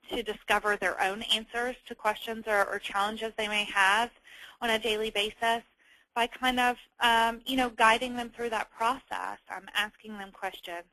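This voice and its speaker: A woman, an HR manager, giving a conversational webinar presentation, often pausing on ums and restarting her sentences. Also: medium pitch, bright, forceful tone, no room sound, rough recording.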